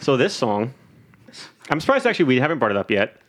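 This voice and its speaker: A man co-hosting a podcast, chatting casually and telling stories with a joking, animated manner. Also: mid-range voice, fast talker, heavy background noise. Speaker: podcast co-host. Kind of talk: casual chat.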